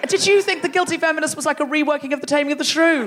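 High-voiced woman teasing a live audience. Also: rapid-fire, few pauses, a bit bright, slight background noise. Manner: playful, teasing, laughing often. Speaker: comedy podcast host. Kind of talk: live stand-up audience banter. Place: large theatre before a live audience.

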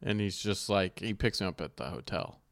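A man's voice: low voice, animated, fairly quick, vocal fry, dry recording, studio quality. A man co-hosting a podcast in casual chat, telling stories with frequent laughter and acting out the people he met. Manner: storytelling, laughs often, acts out drivers. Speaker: podcast co-host.

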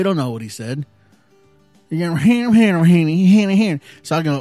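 A man spins a comic story in a loud, emphatic rush, his voice leaping up and down with each punchline. The sound is close and dry, with faint music underneath. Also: a little high, very animated, a little slow, dry recording. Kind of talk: stand-up storytelling.

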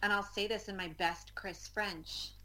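A woman banters on a casual football podcast. She teases her co-hosts playfully. She speaks at a slow, unhurried pace. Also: mid-range voice, steady tone, bright, forceful tone, poor audio.

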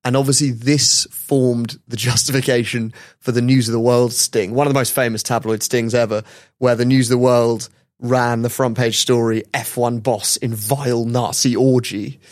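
A man's voice: medium pitch, level tone, normal speed, dry recording. Dry-sounding man telling a wry story. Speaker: podcast host. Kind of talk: casual chat.

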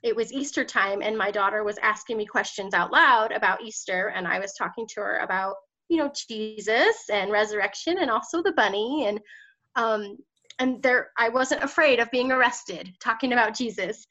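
Passionate, emotional woman with a higher voice. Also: normal speed, pushed and bright. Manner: passionate, emotional, laughs often. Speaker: political candidate guest. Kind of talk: conversational interview storytelling. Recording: slightly dull lo-fi audio.

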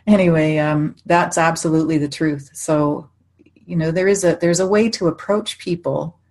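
Low husky woman telling stories. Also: fairly even intonation, normal speed, a little mellow. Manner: chatty storyteller, laughs often, frequent restarts. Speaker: psychic medium guest. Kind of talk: casual conversation.

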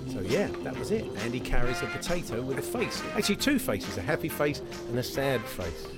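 A man's voice: medium pitch, very animated, a little fast, over loud music. A man hosting a podcast, quizzing his co-host in casual chat with lots of hesitations. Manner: chatty, hesitant with many uhs.

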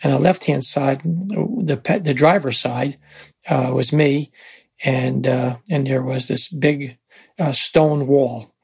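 An older man with a very husky voice, telling a personal story in a rambling, halting way with many fillers and restarts. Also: medium pitch, fairly even intonation, a little mellow. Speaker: interviewee.

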